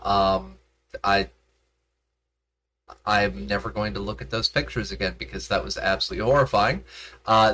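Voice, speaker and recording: A man's voice: medium pitch, sharp tone, low-quality recording. Male game master, casual rambling stream host, mid-range voice. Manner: rambling, with many fillers and restarts.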